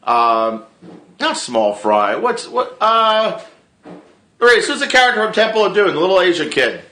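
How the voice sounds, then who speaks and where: Casual male vlogger, animated, bright voice, echoey room. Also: sits high, unhurried. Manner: animated, re-enacts his own reactions, swears freely. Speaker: TV show reviewer. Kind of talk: casual excited recap vlog.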